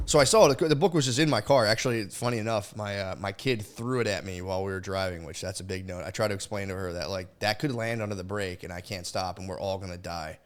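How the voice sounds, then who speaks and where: A man's voice: deep voice, quick pace, few pauses. A man in his thirties hosting a casual solo podcast from home, rambling with lots of fillers and swearing as he tells stories into a studio microphone. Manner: rambling and profane, with frequent fillers. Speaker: podcast host.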